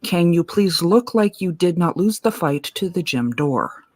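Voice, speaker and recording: A woman's voice: on the low side, expressive, unhurried, a little mellow, no echo. A woman in a casual live stream chat, blunt and swearing, stumbling over her sentence starts.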